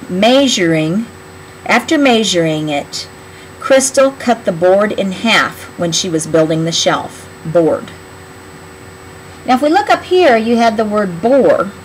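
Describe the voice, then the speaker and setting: A woman teaching a spelling lesson in a clear, patient, instructional voice. She draws out each word slowly so it can be heard sound by sound. A faint hiss of noise sits under the recording. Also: mid-range voice, rough recording.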